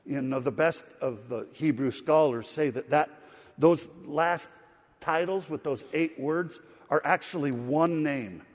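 A middle-aged man preaching a sermon, telling a folksy story with laughter in an animated way. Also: on the high side, measured pace. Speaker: pastor. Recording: sanctuary reverb.

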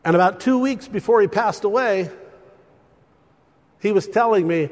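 An older man preaching a sermon, telling stories with lively swings between loud and hushed delivery. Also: sits high, moderate pace, pauses often, big-room sound.

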